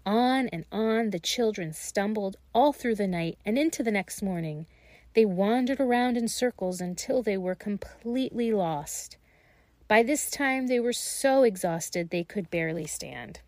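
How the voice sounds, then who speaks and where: A woman reading a fairy tale aloud in a slow, gentle and expressive way. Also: mid-range voice, no room sound. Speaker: storyteller.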